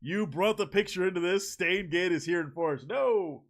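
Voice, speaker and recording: A man's voice: high-pitched, normal speed. A man streaming from home, chatting casually with viewers, joking, swearing and laughing often. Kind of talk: casual live-stream chat reacting to viewers. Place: home at evening.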